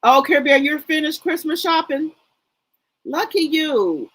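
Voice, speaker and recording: A woman's voice: sits high, animated, unhurried, fairly bright tone, low-quality recording. Chatty woman hosting a live chat. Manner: chatty, greets viewers by name, trails off with fillers. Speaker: livestream host. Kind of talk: casual live chat reading viewer comments.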